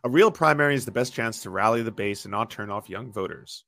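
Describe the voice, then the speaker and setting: Playful co-host, man with a bright voice, laughs a lot, dry close recording. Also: lowish voice, animated, fast, creaky, no room sound. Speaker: podcast co-host reading super chats. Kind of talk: casual panel chat.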